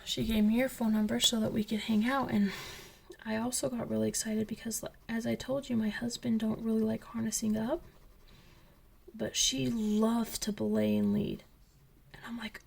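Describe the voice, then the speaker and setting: A young woman and coloring channel host chatting casually as she tells a story, slipping into whispers when excited. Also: a little high, normal speed, gravelly, slightly rough. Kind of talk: casual chat while coloring.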